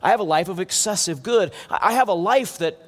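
A man's voice: sits high, fairly quick. A man preaching a sermon as pastor, earnest, often restarting and repeating words. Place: church hall. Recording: long hall reverb.

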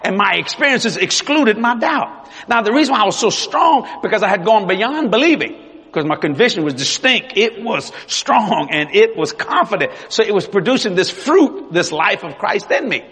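A man preaching a sermon as pastor, animated, swinging between loud and hushed. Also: high voice, moderate pace, husky. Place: large church hall. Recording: long reverb of a large hall.

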